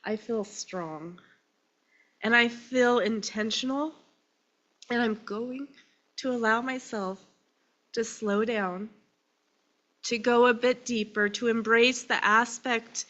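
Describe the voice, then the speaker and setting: Tearful woman minister giving a slow sermon. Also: mid-range voice, steady tone, fairly bright tone, muffled recording. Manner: slow, emotional and tearful, with pauses between phrases. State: crying.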